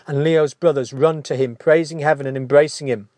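A man narrating a fairy tale in a gentle, unhurried storytelling manner. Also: a little high, fairly even intonation, no room sound.

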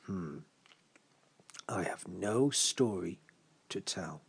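A man's voice: medium pitch, lively intonation, drawn-out words, a little mellow. A man voicing a scruffy, meek vagabond who mumbles hesitantly. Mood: sheepish. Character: scruffy down-on-his-luck vagabond storyteller, meek.

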